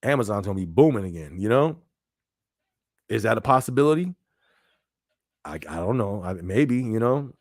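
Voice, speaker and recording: A man with a fairly low voice hosts a casual live stream, talking easily and looping back on his points. His mic sounds close and dry, with no room around it. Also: animated, moderate pace, pauses often, darkish tone, dry recording. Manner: conversational, repeats phrases, frequent "you know what I mean". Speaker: podcast host.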